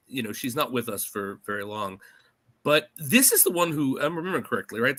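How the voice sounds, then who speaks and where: Male podcast co-host, bright and lively pitch, hesitant casual film chat. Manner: lively, hesitant starts, laughs.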